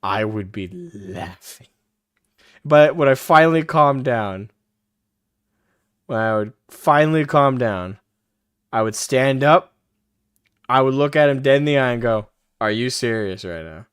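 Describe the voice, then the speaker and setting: A man's voice: medium pitch, measured pace, long pauses, a bit bright, clean tone, dry recording, studio quality. A male live-stream host reacting to a clip, profane and mocking, laughing often as he talks.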